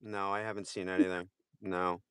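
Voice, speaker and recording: A man's voice: low voice, flat delivery, moderate pace, pushed and bright, clear, resonant tone. A man joining a casual live chat from a roadside at night, talking in an agreeable way with frequent hesitations. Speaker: co-host guest. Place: roadside outdoors at night with passing cars.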